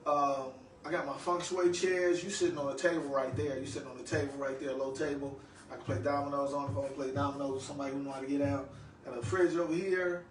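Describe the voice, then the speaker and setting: A man's voice: medium pitch, steady tone, quick pace, slight background noise. Fifties guy rambling to the camera, chatty storyteller, roomy sound, sits back from the mic. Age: 50s. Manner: loose, chatty storytelling with frequent asides to the listener. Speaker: vlogger. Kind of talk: casual vlog monologue. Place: home room he calls his lab. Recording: roomy, far from the mic, music behind.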